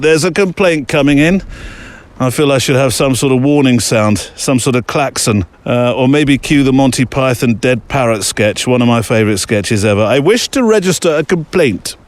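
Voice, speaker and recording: A man's voice: medium pitch, normal speed. A man hosting a podcast while walking outdoors in the snow, chatting playfully and reading out listener letters. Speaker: podcast host. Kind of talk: casual podcast chat on a walk.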